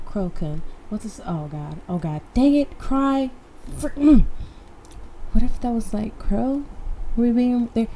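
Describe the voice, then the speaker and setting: A woman's voice: medium pitch, dark tone, slight background noise, low-quality recording. Cursing woman reacting to a game. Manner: profane, emotional reactions. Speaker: gamer. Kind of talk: let's play commentary. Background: game music.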